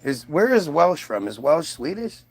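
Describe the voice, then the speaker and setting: A man from the United States chats loosely on a livestream and reads viewer comments aloud. He rambles, swears and pokes fun at himself. His voice sits a little high and has a gravelly, fry-laden edge. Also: very animated, measured pace, darkish tone. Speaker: livestream host reading chat. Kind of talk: casual livestream chat.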